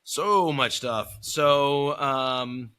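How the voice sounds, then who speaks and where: A man hosts a casual podcast with a bright, forward voice. He talks in an animated, rambling way, laughing easily between his points. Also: medium pitch, very slow, clear, resonant tone. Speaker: podcast host.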